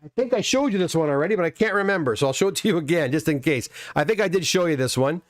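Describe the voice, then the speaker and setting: A man's voice: a little high, lively intonation, very fast, dry recording, studio quality. A middle-aged man from Canada hosting a casual live stream, chatting in a rambling way and reading comments aloud. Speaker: livestream host unboxing graded comics.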